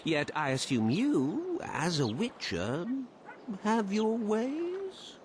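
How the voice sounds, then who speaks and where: A man's voice: high voice, wildly swooping pitch, slow, exaggerated voice. An actor playing a secretive man in a game who asks a witcher for help in a blunt, bargaining way. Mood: scheming. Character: shifty male townsman asking a witcher for help. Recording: game audio with faint ambient noise.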